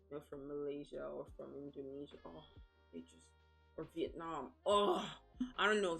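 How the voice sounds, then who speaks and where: A woman's voice: fairly low pitch, a little mellow. A woman streaming as a VTuber, chatting casually in a blunt, profane, playfully dramatic way and laughing often. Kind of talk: casual livestream chat.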